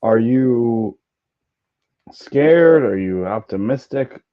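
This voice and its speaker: A man's voice: mid-range voice, lively intonation, extremely slow. A man hosting a casual sports betting podcast, joking around with his co-hosts and stumbling over words now and then. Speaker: podcast host. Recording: slightly dull lo-fi audio.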